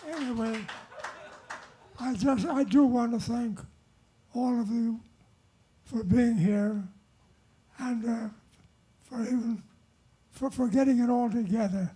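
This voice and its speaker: An older man accepting an award on a nightclub stage, telling jokes in a halting, wandering way. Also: very high-pitched, warm tone, a little hiss or hum. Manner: halting and wandering, with lots of restarts. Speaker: award honoree. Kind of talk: rambling speech with told jokes.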